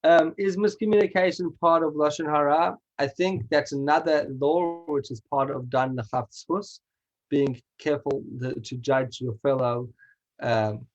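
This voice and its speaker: Earnest rabbi teaching a class. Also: male voice, on the high side, fairly even intonation, unhurried, muffled recording. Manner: earnest, emphatic, with Hebrew terms. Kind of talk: Torah class lecture.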